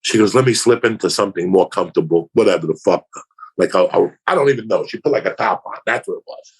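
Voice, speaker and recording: A man spins a crude, profane story in a relaxed podcast conversation. His voice is husky and gravelly, and he lets the pitch rise and fall freely as he talks. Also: quick pace. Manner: crude, profane, animated anecdote-telling. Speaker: comedian guest.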